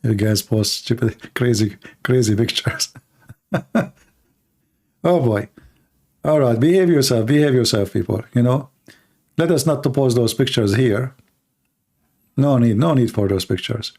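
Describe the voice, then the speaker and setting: A man's voice: mid-range voice, measured pace, long pauses, a little mellow. A man with an Arabic accent hosting a live stream, talking in a sarcastic, rambling way with many fillers. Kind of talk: mocking casual monologue.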